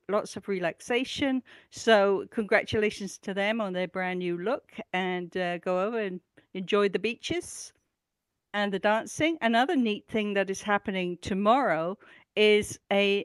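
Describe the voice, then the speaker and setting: With a medium-pitched, clear, resonant voice and no room sound, a woman hosts a regular events roundup on a talk show. She's chatty and enthusiastic, dropping in plenty of ums and uhs as she runs through casual community news.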